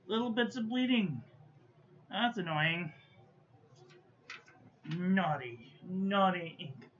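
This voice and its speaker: A woman giving a casual stationery review, muttering to herself and playfully scolding as she goes. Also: fairly low pitch. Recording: dull lo-fi audio with faint background noise.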